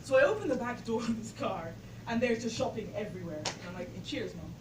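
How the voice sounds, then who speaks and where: This slightly high, expressive, fast-talking voice belongs to a woman in her twenties from England with an English accent, telling a story live in a bar. She chats with lots of fillers and laughs at herself; the distant camera mic picks up a roomy sound full of loud crowd and noise.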